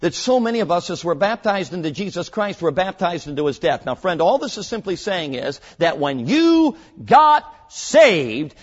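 A man preaching a sermon to young people, earnest and emphatic, slowing down to stress key words and telling stories with short acted voices. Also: high-pitched, slightly rough. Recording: muffled, long hall reverb.

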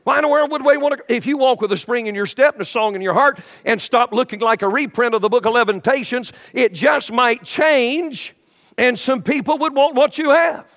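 A middle-aged male pastor preaching a lively sermon in a church, acting out the voices of complainers and shifting to quiet storytelling. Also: very high voice, brisk. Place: church sanctuary. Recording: long hall reverb.

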